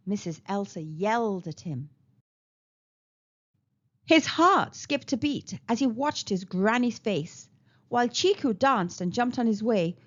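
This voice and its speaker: A woman reading a children's storybook aloud in an animated, sing-song way. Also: mid-range voice, unhurried. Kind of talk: read-aloud storybook narration. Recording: slightly dull lo-fi recording.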